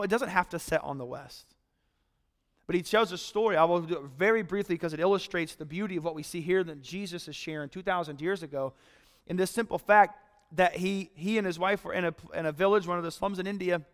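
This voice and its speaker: A pastor preaching a sermon in a conversational way, retelling a story and acting out the voices of the people in it. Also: male voice, sits high, a bit bright, big-room sound.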